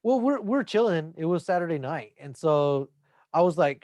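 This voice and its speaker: A man's voice: on the high side, animated, brisk, a little mellow, no echo, studio quality. A young man, a podcast co-host, in casual chat, telling a rambling story full of swearing.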